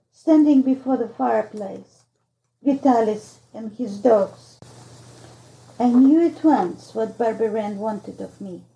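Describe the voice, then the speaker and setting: Woman reading a storybook, slow and measured, gravelly, muffled lo-fi. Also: on the high side, mellow, roomy sound. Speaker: audiobook narrator. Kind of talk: storybook narration.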